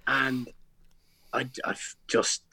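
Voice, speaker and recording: A man's voice: mid-range voice, level tone, slow, vocal fry, pushed and bright, breathy edge, no echo. A young Irish man in a casual podcast interview, telling stories in a rambling way with many restarts and slang. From Ireland. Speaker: guest, pro MMA fighter.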